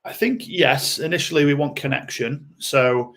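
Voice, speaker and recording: Gravelly-voiced man, blunt and explanatory. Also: on the high side, moderate pace, fairly bright tone. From United Kingdom. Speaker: guest coach. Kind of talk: podcast interview.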